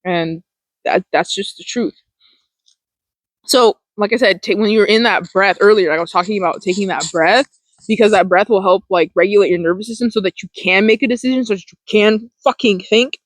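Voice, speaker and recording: Woman mindfulness host, casual pep talk, rambling and filler-heavy, mid pitch, dry close sound. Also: brisk, no echo, rough recording.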